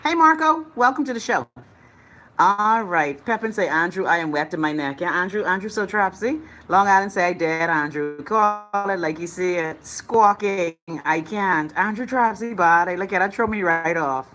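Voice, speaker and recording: A woman's voice: fairly low pitch, moderate pace, a bit bright, soft background music. A woman with a Bahamian accent hosting a live chat show, reading out viewer comments in a sassy, blunt, swearing way.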